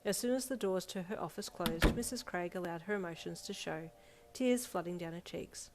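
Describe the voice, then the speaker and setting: A woman reading a second-person fanfiction story aloud in a steady storytelling manner. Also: on the low side, moderate pace. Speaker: fanfiction reader. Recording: soft music bed behind voice.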